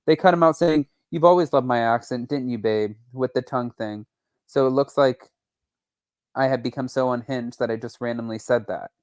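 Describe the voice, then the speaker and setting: A man hosting a casual gossip show, talking straight to his viewers in a chatty way. His voice sits at an ordinary middle pitch. He reads quotes aloud with lively, animated emphasis, and the recording is dry and close, with no room sound. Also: normal speed, no echo. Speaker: host. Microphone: not on camera, voice-over.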